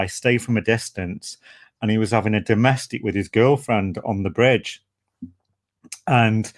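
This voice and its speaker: A man interviewing a guest, talking earnestly with many restarts and fillers. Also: lowish voice. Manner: earnest, halting with many restarts and "you know". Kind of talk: conversational interview.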